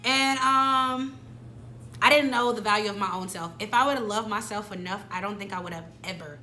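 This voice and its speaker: A woman's voice: mid-range voice, normal speed, pushed and bright, slight background noise. A woman telling a personal story to her viewers in a casual, slangy, dramatic way. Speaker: storytime vlogger.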